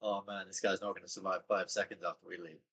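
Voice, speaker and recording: A man's voice: low-pitched, level tone, quick pace, bright, forceful tone, breathy edge, poor audio. A man playing a tabletop game, chatting casually and joking with frequent laughter. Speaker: player.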